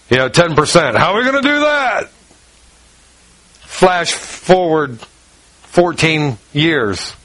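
A man's voice: a bit bright, dry recording, poor audio. A man preaching a sermon, telling a personal story in a folksy way, acting out quoted dialogue and reading scripture. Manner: folksy storyteller, acts out quoted dialogue, drops low for asides. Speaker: pastor.

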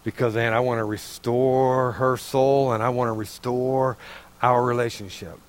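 A man's voice: medium pitch, fairly even intonation, measured pace. A middle-aged man preaching a sermon, fervent and folksy, pleading with his listeners. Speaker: pastor.

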